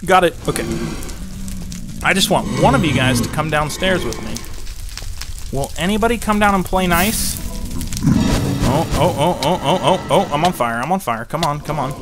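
A man giving excited gameplay commentary, repeating phrases rapidly under pressure. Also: a little high. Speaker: gameplay channel host. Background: loud background music.

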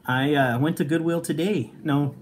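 A woman's voice: low voice, fairly even intonation, moderate pace, background noise. A woman co-hosting a toy-hunting livestream from her collection room, joking with a co-host and reading chat with lots of laughter. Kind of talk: casual livestream banter.

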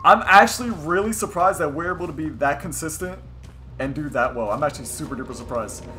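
A young man giving live commentary on his own gameplay, excitable and swearing often, yelling at players and then muttering tactics. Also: a little high, fast. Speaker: gaming YouTuber.

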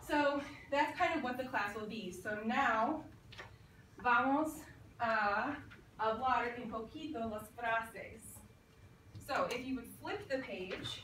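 A fairly high-voiced woman teaches a classroom, calling out short phrases for students to echo and then explaining them. She is heard from a distance in an echoey room, with a faint hiss underneath. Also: slow. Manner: says phrases in Spanish for the class to repeat, then translates. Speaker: Spanish teacher.

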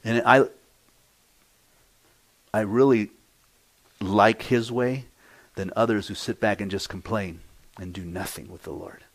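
A male pastor preaching a sermon, emphatic, swinging between hushed, slow stretches and loud, raised passages. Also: on the low side, steady tone. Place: church.

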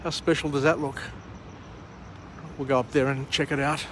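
A man's voice: mid-range voice, little pitch movement, moderate pace, slight background noise. An Australian man hosting a walk-and-talk vlog beside an urban harbour, summarising a book with a rambling, chatty manner. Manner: chatty, rambling with fillers and restarts. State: muffled by a face mask. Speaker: vlog host. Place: outdoors by an urban harbour, walking.

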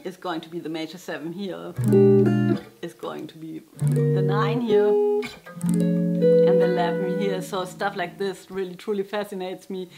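Chatty woman teaching guitar over loud playing. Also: lowish voice, steady tone, normal speed, vocal fry. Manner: chatty, self-interrupting, laughs at herself. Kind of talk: casual guitar lesson.

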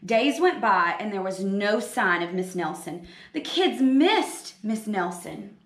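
A woman's voice: medium pitch, sing-song, slow. A woman third grade teacher reading a story and then giving an upbeat video lesson to children. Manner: upbeat, explaining with hand gestures. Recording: roomy echo.

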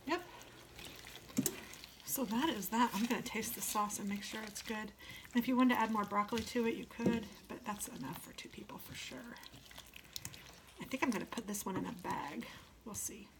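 A woman talking to her viewers while she cooks in her home kitchen, chatty and relaxed. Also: on the high side, a little fast. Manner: chatty, talks to viewers while cooking, hums. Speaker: cooking vlogger. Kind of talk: casual cooking vlog narration. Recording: loud kitchen noise behind.

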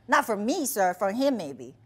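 A woman arguing her case in a prank courtroom, talkative and quick to object. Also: medium pitch, sing-song, very noisy. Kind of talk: heated courtroom back-and-forth.

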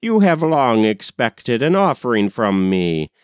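A crafty old magician, wicked and scheming, put on by a man reading a storybook aloud. He coaxes and plots in a slow, lilting voice that rises and falls a lot. The recording is dry and close. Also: mid-range voice, big pitch swings, clean tone, dry recording. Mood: coaxing. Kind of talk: audiobook character reading.

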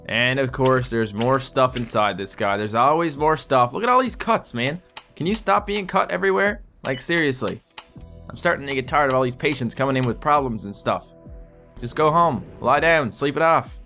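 A man giving excitable let's play commentary as he plays, swearing and yelling at his patients in a surgery game. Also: mid-range voice, moderate pace, faint music behind. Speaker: gaming video host.

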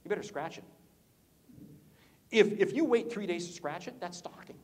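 Lively male sales speaker, swooping pitch. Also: normal speed. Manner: animated, swoops pitch up and down, jokes with audience. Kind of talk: energetic conference talk. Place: conference hall.

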